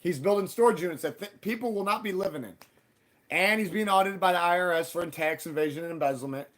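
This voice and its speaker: A man's voice: high voice, fast talker, a bit bright. A man hosting a live stream, telling a heated, profane story and acting out both sides of past arguments. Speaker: livestream host.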